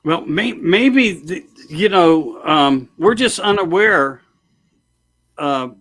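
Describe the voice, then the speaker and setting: A man's voice: a little high, expressive, slow pace, fairly bright tone. A man hosting a show, chatting eagerly in loose, run-on sentences. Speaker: show host. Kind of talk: casual interview chat.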